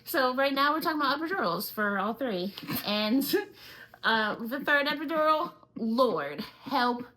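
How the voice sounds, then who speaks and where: Animated, fairly high-voiced young woman. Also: normal speed, low-quality recording. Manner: animated, lots of "like" fillers. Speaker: podcast co-host. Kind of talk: casual podcast storytelling.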